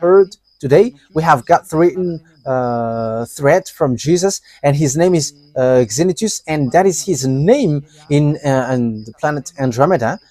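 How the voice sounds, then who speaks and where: A man preaching a live sermon, halting, with frequent pauses and fillers, and chuckling between statements. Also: fairly high pitch, animated, darkish tone, no echo.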